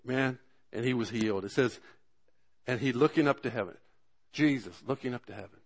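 A man preaching a sermon, talking through scripture in an earnest, conversational way, with swelling emphasis and drawn-out words at key moments. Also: mid-range voice. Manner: earnest, conversational asides to the congregation. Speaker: pastor.

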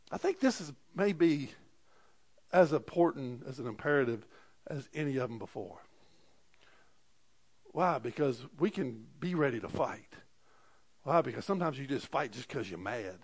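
A man preaching a sermon to a congregation, impassioned, repeating amen, with sudden swings between loud bursts and quiet asides. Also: medium pitch, animated, moderate pace, long pauses, slightly rough. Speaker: pastor.

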